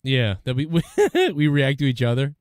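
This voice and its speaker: Man, Boston accent, podcast host, rambling, profane, excitable, dry mic. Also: medium pitch, moderate pace, no echo. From Boston area, USA. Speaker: show host. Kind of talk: casual podcast chat.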